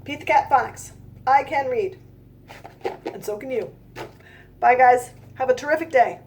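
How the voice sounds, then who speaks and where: A young woman teaching a phonics lesson to small children, reading aloud gently and speaking straight to her listeners. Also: sits high, unhurried, slight background noise. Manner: gentle, talks directly to young listeners, sings snatches of nursery songs.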